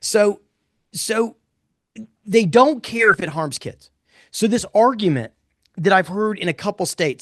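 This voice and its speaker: Blunt, animated man presenting poll results. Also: high-pitched, unhurried, long pauses, no echo, clean studio sound. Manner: animated, blunt, rambling with restarts. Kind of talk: casual live webinar talk.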